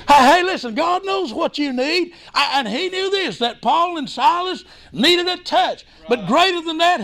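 With a very high-pitched voice, a male missionary preaches a fervent revival sermon, crying out "glory" and "hallelujah." He breaks in with "hey, listen" and sudden shouts.

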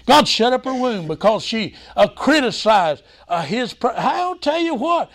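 A man preaching a sermon in a folksy, excitable way. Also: very high voice, unhurried. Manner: folksy, excitable preaching with repeated "hey, listen".

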